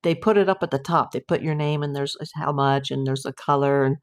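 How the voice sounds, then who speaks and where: Low-voiced woman hosting a chatty livestream. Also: a little fast. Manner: chatty, rambling, reads comments aloud. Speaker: livestream host. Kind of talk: casual livestream chat reading viewer comments.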